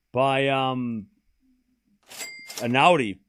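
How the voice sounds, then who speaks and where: A man's voice: medium pitch, animated, a bit bright. Man calling tennis live. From Australia. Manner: calls each shot in quick running bursts, then chats casually with viewers. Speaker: stream host and tennis commentator. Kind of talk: live play-by-play tennis commentary on a stream.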